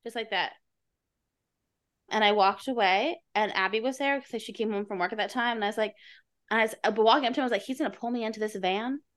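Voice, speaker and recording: Joking woman with a slightly high voice. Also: fast, fairly bright tone. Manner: joking interjections, self-deprecating anecdotes. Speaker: podcast co-host. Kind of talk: casual chat.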